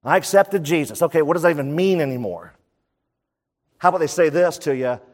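A man delivers a sermon in a conversational preaching style, his voice sitting a touch high. He drops in quick asides between his points. The sound carries the long reverb of a large hall. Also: lively intonation. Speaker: pastor.

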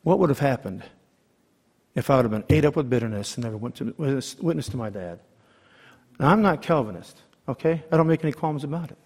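A man's voice: medium pitch, animated, quick pace, darkish tone. A middle-aged man preaching a sermon, emphatic, calling for amens and asking the congregation rhetorical questions. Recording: long hall reverb.

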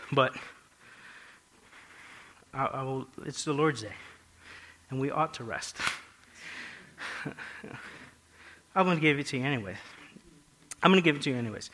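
A man preaching a sermon, emphatic, repeating phrases and swinging between hushed and loud passages. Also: mid-range voice, poor audio.

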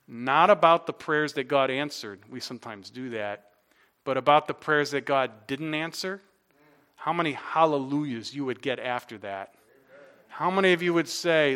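Bright-voiced male pastor preaching. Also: medium pitch, normal speed, clear, resonant tone. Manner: storytelling, swings from hushed to loud and animated. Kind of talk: sermon.

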